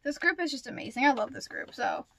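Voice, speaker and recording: High-voiced, gushing young woman vlogger. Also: fast. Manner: gushing, excitable, lots of gasps and "like". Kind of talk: casual unboxing chat.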